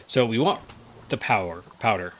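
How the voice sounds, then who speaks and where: Sounding a little groggy post-nap, the man thinks out loud while playing, his Let's Play talk loose and filler-heavy. His voice sits on the low side, expressive and a bit bright, at normal speed, with a little hiss or hum.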